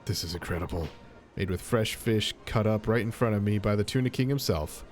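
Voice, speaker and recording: A man's voice: lowish voice, brisk, darkish tone, soft background music, close to an everyday voice. A man reading out a reserved, polite middle-aged ex-gangster from a video game with modest, understated replies. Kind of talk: reading game dialogue aloud.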